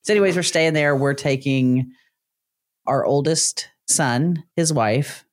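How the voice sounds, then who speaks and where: A woman's voice: very deep voice, slow pace. An older woman co-hosting a casual podcast, teasing and blunt with her husband. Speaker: podcast co-host.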